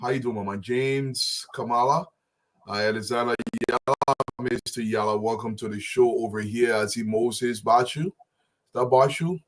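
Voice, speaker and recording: A man's voice: medium pitch, steady tone, moderate pace. A man co-hosting a live talk show, calling out viewers' names with casual friendly slang. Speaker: show co-host.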